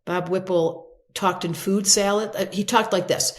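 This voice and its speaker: An older woman, an astrologer guest in an interview, telling stories expressively and acting out quotes in brighter voices. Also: mid-range voice, fairly even intonation, normal speed. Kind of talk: animated interview storytelling.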